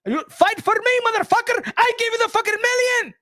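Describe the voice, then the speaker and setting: A man's voice: very high-pitched, brisk, voice pushed up. A man impersonating a ranting boxing promoter. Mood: furious. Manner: shouting, swearing, scolding. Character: furious rich male boxing promoter, berating a fighter.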